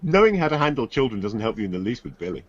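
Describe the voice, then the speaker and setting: A man playing a tabletop game over a video call, making dry, deadpan dark jokes. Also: lowish voice, racing. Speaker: player. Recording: dull lo-fi video-call audio.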